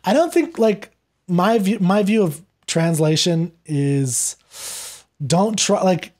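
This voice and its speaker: A man talking as a podcast guest, retelling a play in a lively conversational way and acting out the characters' lines as he goes. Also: high voice, slow pace. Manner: animated, acts out quoted lines while retelling. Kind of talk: conversational literary discussion.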